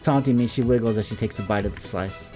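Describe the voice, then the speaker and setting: Mellow-voiced Southern man reading a game. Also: fairly low pitch, fast talker, soft background music. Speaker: let's play host. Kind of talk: reading visual novel narration aloud.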